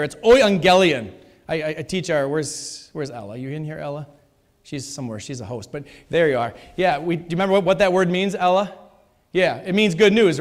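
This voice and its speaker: A man preaching a sermon in a church, emphatic and repeating his key phrases. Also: fairly high pitch. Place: church sanctuary. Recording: long reverb of a church hall.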